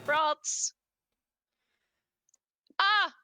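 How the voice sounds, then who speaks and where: A young adult woman telling animated stories and laughing often while chatting casually on a group stream. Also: extremely high pitch, drawn-out words, faint music behind. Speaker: streamer shiny hunting.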